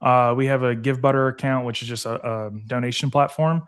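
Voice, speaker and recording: A man's voice: mid-range voice, steady tone, fairly quick, clean tone. Earnest man talking heartfelt. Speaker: guest, veterans foundation founder. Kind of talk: casual podcast conversation.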